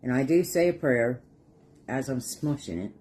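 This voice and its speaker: A man's voice: medium pitch, animated, moderate pace, a little mellow, a little hiss or hum. A middle-aged man telling rambling, folksy stories and chuckling as he paints a craft project for his vlog. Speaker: craft vlogger. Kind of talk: casual storytelling while painting.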